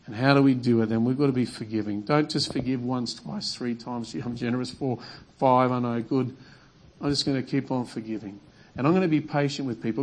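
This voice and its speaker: A man's voice: mid-range voice, a little mellow, a little hiss or hum. A man preaching a sermon as a pastor, earnest and repeating phrases for emphasis.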